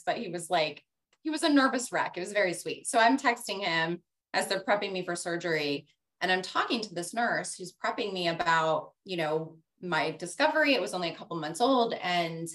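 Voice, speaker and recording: A woman's voice: on the low side, fairly bright tone. A woman speaking as a podcast guest in casual conversation, telling a story in an easygoing way.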